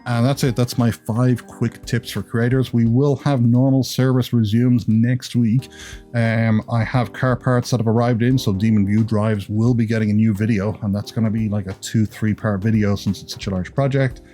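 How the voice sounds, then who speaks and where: Over faint music, an Irish YouTuber with a partly Americanized accent gives chatty, rambling creator advice laced with self-deprecating humor. His medium-pitched voice is mellow and flat, at a moderate pace.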